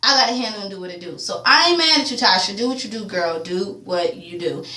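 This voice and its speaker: A woman recapping a TV episode in casual, animated, profanity-laced slang. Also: medium pitch, fast. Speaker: TV recap vlogger. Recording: echoey room, distant mic.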